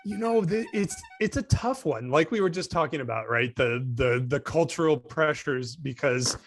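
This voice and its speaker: A man's voice: on the high side, animated, normal speed, soft background music. Man co-host thinking aloud. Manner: rambling, thinking aloud with restarts. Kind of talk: casual panel discussion.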